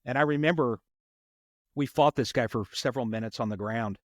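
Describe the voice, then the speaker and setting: A man with a voice of ordinary middle pitch tells a long story in an earnest way and doubles back on his words. The sound is dry and close, with no room around it. He talks like a police officer chatting on a podcast. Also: a little fast, no echo. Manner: earnest, repeats words while retelling a story. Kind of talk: conversational storytelling.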